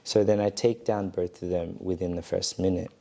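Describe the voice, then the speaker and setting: Gravelly-voiced man, relaxed podcast chat. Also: low-pitched, moderate pace. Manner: retells with acted quotes and laughs. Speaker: Muay Thai fighter telling his story.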